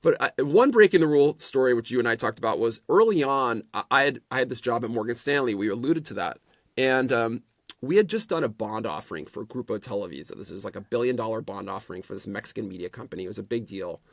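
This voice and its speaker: A middle-aged man, a podcast guest, telling animated anecdotes in casual conversation and often restarting his sentences. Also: medium pitch, quick pace, vocal fry, no room sound, studio quality. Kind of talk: casual storytelling interview.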